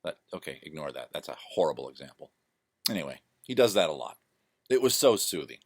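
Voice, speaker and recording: A man's voice: very deep voice, sing-song, brisk, no echo, clean studio sound. A man chatting casually to camera at home through his laptop mic, rambling and joking at his own expense. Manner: rambling, self-deprecating, full of digressions. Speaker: vlogger. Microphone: laptop microphone.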